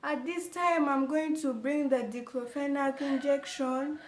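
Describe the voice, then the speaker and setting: A woman's voice: high voice, steady tone, measured pace, pitched above the performer's own voice. A woman imitating a nagging, dismissive male hospital doctor in a drawling, sing-song way, in an echoey room.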